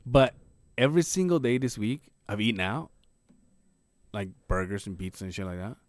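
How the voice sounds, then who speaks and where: A man in his forties chatting on a podcast with a lively, swinging pitch. He tells stories loudly, swears freely and acts out each person he quotes. His voice is close and dry, with no room echo. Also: moderate pace. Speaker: podcast co-host. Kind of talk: casual chat.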